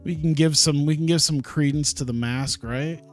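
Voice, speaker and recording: A man casually talks through a wrestling management game on a live stream, thinking aloud and chuckling and swearing now and then. His voice is a little high at a moderate pace, with soft music playing in the background.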